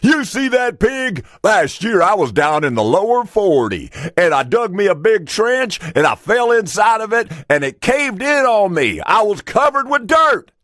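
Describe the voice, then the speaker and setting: A man voicing an older country farmer who drawls and exclaims loudly. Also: sits high, sing-song, unhurried, hardly any pauses, no echo, studio quality, voice pushed up, heavily acted. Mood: boastful.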